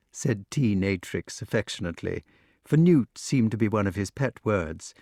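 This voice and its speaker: A man narrating an unabridged audiobook with measured, expressive storytelling. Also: lowish voice, dry recording, clean studio sound.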